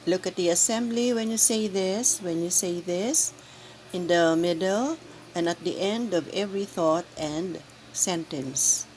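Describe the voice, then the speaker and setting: A woman guiding church lectors through the Sunday readings, speaking in a slow, deliberate, carefully enunciated way. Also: fairly low pitch, darkish tone, a little hiss or hum, low-quality recording. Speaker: lector trainer. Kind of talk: instructional reading guide.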